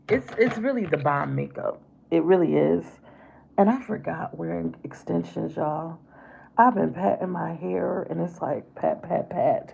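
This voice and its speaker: A middle-aged woman chats through a makeup livestream, greeting viewers by name and calling them babe. Her voice is low, dark and heavily gravelly. The sound is slightly dull and lo-fi, with a faint hiss behind it. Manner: chatty, affectionate, calls viewers babe and baby. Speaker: livestream host. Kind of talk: casual makeup livestream chat.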